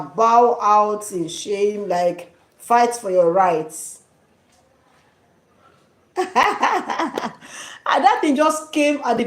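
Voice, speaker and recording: Slow-talking Nigerian woman, echoey room. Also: fairly high pitch. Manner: laughs often, drops into Nigerian Pidgin slang. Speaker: vlogger. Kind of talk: casual chat.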